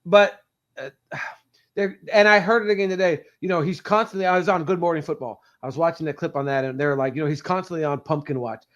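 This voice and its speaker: A man co-hosting a sports podcast, talking fast and heatedly as a fan in casual chat. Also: on the high side, lo-fi sound. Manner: animated, ranting fan, quick bursts. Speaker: podcast co-host.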